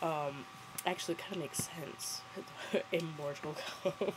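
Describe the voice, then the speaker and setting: A woman's voice: low-pitched, steady tone, takes it slowly, noisy background. Young adult woman, sarcastic and giggly, casual running movie commentary.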